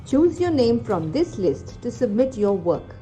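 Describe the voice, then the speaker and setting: A woman giving a clear, friendly, step-by-step voice-over on how to use an app. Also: a little high, sing-song, unhurried, warm tone. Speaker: app tutorial presenter. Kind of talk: instructional voice-over. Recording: faint music behind.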